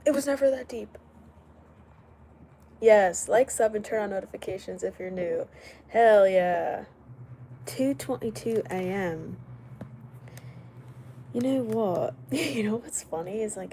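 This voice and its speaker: A woman's voice: mid-range voice, lively intonation, takes it slowly, long pauses, mellow, slight background noise. A young woman hosting a casual late-night livestream, chatting loosely, greeting viewers by name and laughing often. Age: young adult. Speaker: livestream host. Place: indoors at home, late at night.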